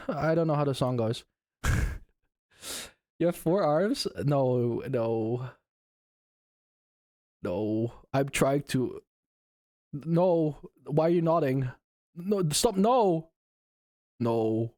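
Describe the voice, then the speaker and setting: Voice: medium pitch, animated, extremely slow, long pauses, dry recording, clean studio sound. A VTuber streamer chatting casually on a live stream, laughing a lot and swearing often. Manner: giggly, swears often, reacts out loud.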